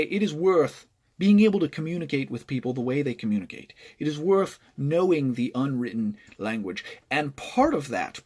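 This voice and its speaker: A man's voice: fairly high pitch, darkish tone. A man telling a storytime vlog about online gaming, explaining at length and checking in with "right?". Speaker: gaming vlogger.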